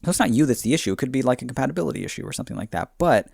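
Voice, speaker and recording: A man's voice: medium pitch, expressive, racing, vocal fry, darkish tone, breathy edge, no echo, studio quality. A man co-hosting a casual podcast, giving rambling, jokey dating advice from a remote setup. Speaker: podcast co-host. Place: remote recording, long distance.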